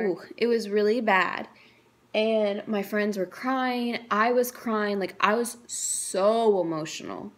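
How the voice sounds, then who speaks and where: A woman's voice: mid-range voice, takes it slowly. Earnest young woman sharing a testimony. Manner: earnest and emotional, chatty with frequent "like". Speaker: vlogger. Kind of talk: personal faith testimony to camera.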